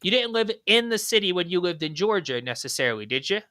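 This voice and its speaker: A man's voice: high-pitched, big pitch swings, quick pace, sharp tone, no echo. A man hosting a casual political podcast, rambling through profane rhetorical questions on a remote mic. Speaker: podcast host.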